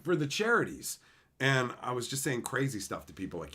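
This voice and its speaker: Brash, swearing man with a bright voice. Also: medium pitch, huge pitch swings, fairly quick. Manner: profane, blunt, laughing storyteller who acts out quoted people. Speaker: streamer chatting with viewers. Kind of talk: casual live-stream chat, storytelling.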